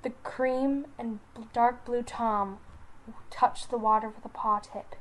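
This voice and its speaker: A young woman telling an animal story, reading slowly and haltingly with restarts and soft whispered asides. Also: on the high side, low-quality recording. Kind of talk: story narration.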